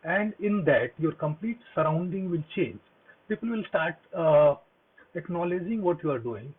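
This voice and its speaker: Husky man over a tinny line. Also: on the high side, animated, normal speed. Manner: earnest, repetitive, many fillers and restarts. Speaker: speaker giving a talk on mindfulness. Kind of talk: earnest motivational talk.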